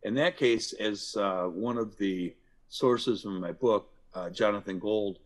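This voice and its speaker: A middle-aged man, a guest author, explaining how to calm angry people in a casual interview and acting out examples. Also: fairly low pitch, a little slow. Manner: animated storyteller, acts out examples. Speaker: guest, author and workplace violence speaker. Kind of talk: conversational podcast interview.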